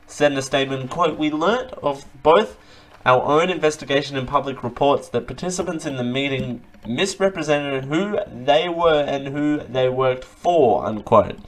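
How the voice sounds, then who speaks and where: A man's voice: medium pitch, a bit bright. A man hosting a live show, reading news items aloud with joking asides and frequent stumbles. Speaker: host. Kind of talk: casual news commentary read aloud.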